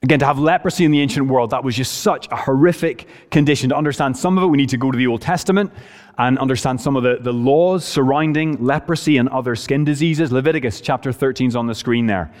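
A man preaching a sermon in an earnest, emphatic way, speeding up and slowing down to stress his points. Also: medium pitch, darkish tone. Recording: preached in a reverberant hall.

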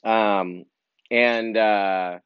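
In a monologue full of fillers and sudden animated asides, a male comedian rambles along extremely slowly. His voice is low, clear, and resonant in tone, though the dry, slightly dull sound with no echo feels like a lo-fi recording.

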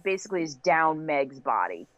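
Brief: female podcast guest, English teacher, very lively pitch, dry close mic. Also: normal speed, dry recording, lo-fi sound. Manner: lively, laughing, thinks aloud. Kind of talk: casual chat.

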